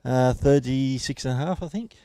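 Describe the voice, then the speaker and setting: A man's voice: medium pitch, moderate pace, dark tone, dry recording. A man, a tournament angler, answering in a laconic, understated way.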